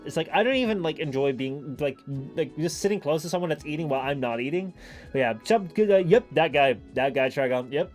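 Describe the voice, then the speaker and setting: A young Dutch-accented man chats loosely to a live stream audience, piling up "like" and breaking into laughs. His voice sits a little high for a man. Soft music plays faintly in the background. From Netherlands. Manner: rambling, lots of "like", laughs often, sudden high squeaky bits.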